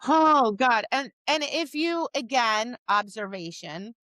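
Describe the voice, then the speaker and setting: A woman's voice: on the high side, lively intonation, slow pace, bright, forceful tone, dry recording. A woman co-hosting a podcast about dog training, talking casually and acting out cheery voices and dog reactions. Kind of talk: casual chat.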